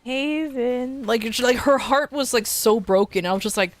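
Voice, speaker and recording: A woman streamer casually telling a story to her viewers, animated, often restarting and repeating words. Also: a little high, normal speed, dry recording. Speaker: VTuber streamer.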